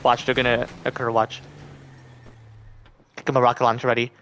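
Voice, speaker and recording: A young man live-streaming a game, chatting with his viewers and reacting with loud, profane outbursts. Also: mid-range voice, monotone, normal speed, slight background noise. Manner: profane, talks to chat, reacts loudly. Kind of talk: casual live-stream gaming commentary.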